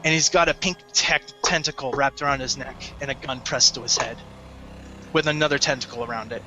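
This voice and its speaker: A man narrating a tabletop game as game master in a descriptive, halting way. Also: mid-range voice, steady tone, pushed and bright, soft background music.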